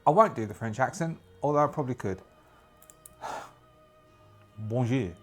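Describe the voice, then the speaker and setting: A man narrates his solo tabletop game, thinking aloud and rambling with frequent restarts. His voice sits at an average pitch for a man. Soft music runs faintly underneath. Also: lively intonation, a little fast.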